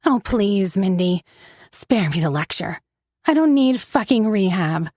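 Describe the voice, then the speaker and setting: A woman's voice: medium pitch, lively intonation, a little slow, a little mellow, no room sound, clean studio sound. A woman voicing a desperate addicted sister who pleads, then turns bitter, in an audiobook. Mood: pleading. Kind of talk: audiobook narration.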